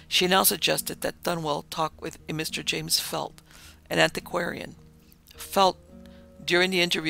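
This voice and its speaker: A man hosting a podcast, telling a ghost story and reading its dialogue in a steady, measured way. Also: fairly high pitch, gravelly. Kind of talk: storytelling narration with quoted dialogue. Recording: faint music behind the voice.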